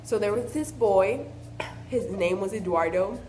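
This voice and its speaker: A young woman vlogger telling childhood stories in a casual, animated way, often acting out what people said. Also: medium pitch, measured pace, slight background noise. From Southern California. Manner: chatty, animated, acts out quoted voices. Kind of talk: casual storytelling.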